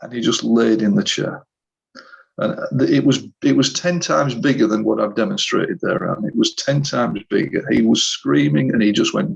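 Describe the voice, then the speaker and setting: A middle-aged man, a hypnotherapist guest, telling a story in conversation with animated re-enactments and frequent restarts over a video call. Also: medium pitch, normal speed, gravelly, breathy edge, lo-fi sound.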